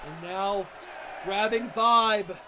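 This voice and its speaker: Biased wrestling commentator, man, shouting over a roaring arena crowd and loud noise. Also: high voice, extremely slow. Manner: openly biased, shouting, swearing, cheering on favorites. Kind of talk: play-by-play commentary.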